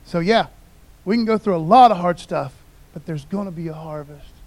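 A man preaches in a loose, conversational way, often dropping in "man" and asking the crowd for an amen. His voice sits high for a man and he shifts freely between quiet asides and raised, emphatic points. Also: normal speed. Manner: conversational, keeps saying "man", calls for amens. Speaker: pastor. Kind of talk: casual sermon.

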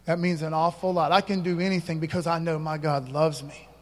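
A man's voice: a little high, little pitch movement, brisk, long reverb tail. A man pastor preaching a sermon, emphatic, calling out to the congregation for responses.

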